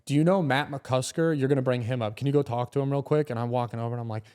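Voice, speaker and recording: A young man, a comedian guest on a podcast, telling stories in a casual, animated way, swearing often and acting out what people said. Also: medium pitch, very fast, clear, resonant tone. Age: young adult. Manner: animated, swearing, acts out quotes.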